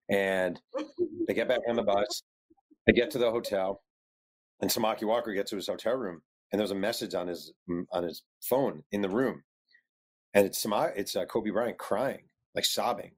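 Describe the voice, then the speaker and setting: Male author, lowish voice, animated storyteller who acts out quotes. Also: moderate pace. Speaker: author guest. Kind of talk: telling a story in an interview.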